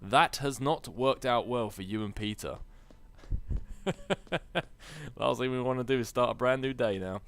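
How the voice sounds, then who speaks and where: A man's voice: mid-range voice, measured pace, pauses often, a bit bright, a little hiss or hum. A man giving casual, jokey commentary over a video game, musing aloud and laughing often. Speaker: gameplay commentator. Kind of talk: casual Let's Play commentary.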